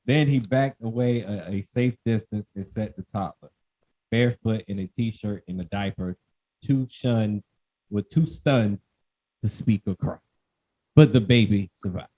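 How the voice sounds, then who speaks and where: A man's voice: fairly low pitch, measured pace, mellow, dry recording, rough recording. A man co-hosting a casual podcast, reading a news story aloud with loose, profane jokes. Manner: loose, profane, joking, laughs often. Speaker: podcast co-host.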